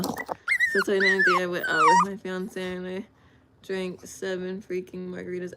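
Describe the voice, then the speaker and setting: A female streamer does her makeup on a live stream from home, recorded on her phone, talking casually and using a baby voice with her dogs. She has a medium-pitched voice that swoops wildly and a moderate pace. It is very noisy, with barking and whining dogs in the background.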